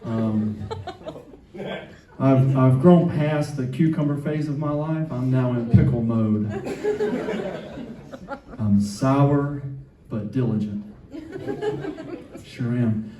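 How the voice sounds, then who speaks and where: A man's voice: medium pitch, takes it slowly, pauses often. A man in his fifties from Atlanta with a Southern accent, doing a self-deprecating, rambling stand-up set. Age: 50s. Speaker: stand-up comedian. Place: club stage with live audience. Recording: echoey room, distant mic, crowd laughter.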